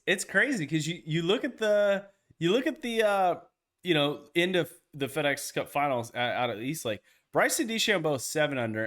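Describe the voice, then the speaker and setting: A man's voice: on the high side, fairly bright tone. A man co-hosting a casual golf podcast, ranting with heavy profanity. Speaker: podcast co-host.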